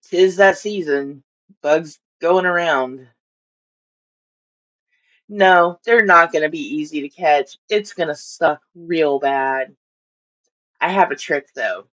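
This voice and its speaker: A woman's voice: deep voice, slow pace, pauses often, a bit bright. Chatty woman rambling on a lo-fi stream. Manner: chatty, rambling, voices her fish in silly asides. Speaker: fish-keeping streamer. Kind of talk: casual live-stream chat. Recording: dull lo-fi stream audio.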